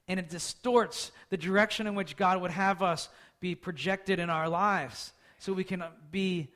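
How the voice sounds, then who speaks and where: A man with a high-sitting, fairly bright voice preaches a sermon conversationally, often asking his listeners questions.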